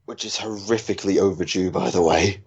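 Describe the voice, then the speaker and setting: A man's voice: sits low, steady tone, brisk, slightly rough. Dry-humored man on a muffled call. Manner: dry, teasing, hesitant with ums. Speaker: podcast co-host. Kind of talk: casual podcast chat.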